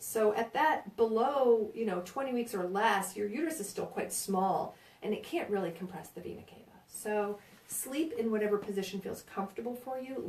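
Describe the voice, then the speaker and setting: A woman's voice: fairly high pitch, a little mellow. A woman with a New York accent teaching a birth class in a chatty, reassuring way, often checking in with "right?". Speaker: birth center educator. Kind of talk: informal prenatal class talk. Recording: roomy sound from a distant mic.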